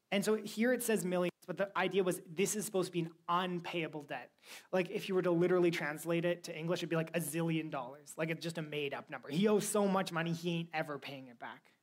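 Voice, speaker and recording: Woman preacher with a lowish voice, chatty and animated sermon delivery. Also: quick pace. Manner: animated, conversational, slangy storytelling.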